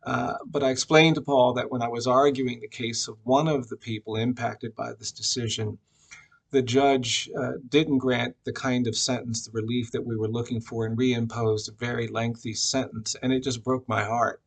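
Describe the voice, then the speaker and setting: A man giving a reflective personal tribute at a memorial, telling a story with frequent pauses and fillers. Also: mid-range voice, little pitch movement, gravelly. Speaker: memorial speaker.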